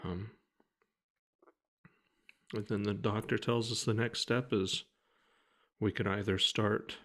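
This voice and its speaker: A man telling a personal story to the camera in a quiet, heavy way, halting often and restarting his sentences. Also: on the low side, fairly even intonation. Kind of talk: personal account told to camera.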